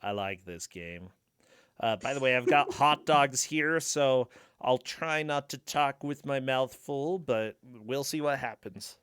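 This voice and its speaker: A man's voice: medium pitch, a little slow, fairly bright tone, clean tone, no echo. A man co-commentating a game stream, chatty with joking asides.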